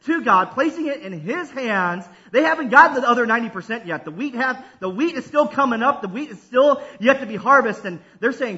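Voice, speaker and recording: A man preaching a sermon as pastor, calling for responses from the congregation and swinging between loud and hushed delivery. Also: extremely high pitch, lively intonation, a little fast, few pauses, breathy edge, highs cut off.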